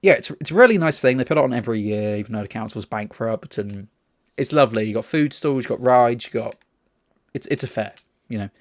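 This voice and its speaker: This podcast co-host is an Englishman with an expressive, mid-range voice who talks a little fast. His delivery is casual and chatty, full of anecdotes, swearing and laughter, and the recording sounds dry with no echo.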